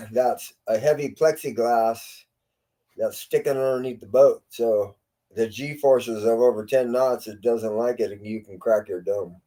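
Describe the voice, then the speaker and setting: Older male captain in his 60s, warm and mellow, folksy and plain-spoken. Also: medium pitch, a little slow. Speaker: boat captain. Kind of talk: casual podcast chat.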